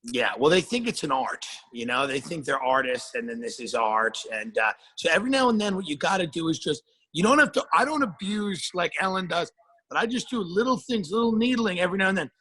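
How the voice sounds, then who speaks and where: A male podcast guest speaking in a sardonic, deadpan way over a video call. His voice is somewhat high with a husky edge, and he swears freely. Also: brisk, low-quality recording. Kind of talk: casual chat.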